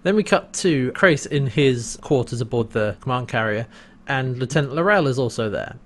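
This is a man of ordinary pitch talking in a relaxed podcast chat. He walks through a TV episode scene by scene, acting out bits of dialogue as he goes. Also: normal speed, slight background noise. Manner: rambling retelling with quoted lines and laughs. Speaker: podcast co-host recapping an episode. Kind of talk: casual chat.

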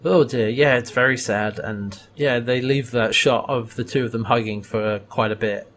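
A man's voice: medium pitch, normal speed. A man in casual podcast chat, recapping a TV episode and animatedly acting out lines. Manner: animated, acts out quoted lines with laughs.

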